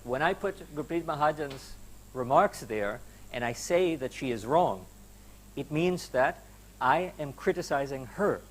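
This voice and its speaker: A male university lecturer with a fairly high, expressive voice lectures students at a measured pace in a lecture hall, with a little hiss or hum audible. He's emphatic and conversational, using rhetorical questions and a few hesitation fillers.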